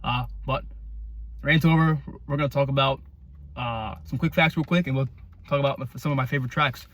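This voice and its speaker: Excitable rambling man reviewing an album. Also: mid-range voice, fairly quick. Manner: rambling, repeats himself, lots of fillers; excitable, swears. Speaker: music reviewer.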